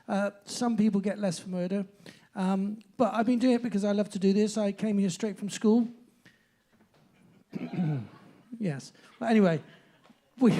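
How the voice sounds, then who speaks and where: A man hosting a pub live music night, rambling and chatty between loud announcements. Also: high voice. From southern England.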